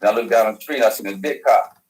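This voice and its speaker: Fast-talking man telling a story. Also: fairly low pitch, a little mellow, rough recording. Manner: fast, loose slang-heavy talk with profanity. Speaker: guest. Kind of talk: rambling storytelling.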